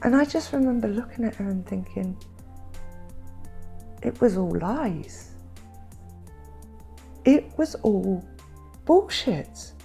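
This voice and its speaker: A woman vlogger recounting her family estrangement in an emotional, halting way, repeating words when upset and close to tears at times. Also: medium pitch, lively intonation, creaky, mellow, faint music behind. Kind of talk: personal storytelling.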